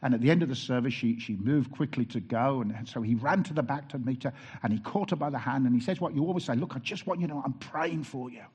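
A man's voice: medium pitch, quick pace, hardly any pauses, darkish tone, husky, highs cut off. A man, a pastor preaching a sermon and telling personal stories in an earnest way, with wry asides and frequent restarts.

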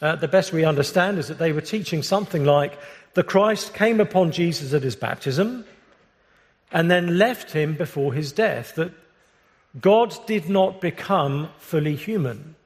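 A British man preaching a sermon as pastor, earnest and measured, often restarting his phrases. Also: on the high side, animated. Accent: British English. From Britain. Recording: long reverb of a large hall.

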